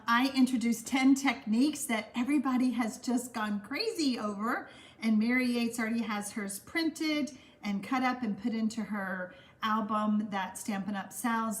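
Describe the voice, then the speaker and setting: Chatty woman, casual craft-stream host, giggles easily, slightly high-pitched. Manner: chatty and giggly, warm toward viewers. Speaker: stamping craft livestream host. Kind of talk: casual livestream chat reading viewer comments.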